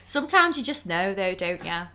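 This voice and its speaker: A woman hosting a podcast, eager and encouraging, quick to laugh with her guest. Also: medium pitch, sing-song, sharp tone. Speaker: podcast host. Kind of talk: casual chat.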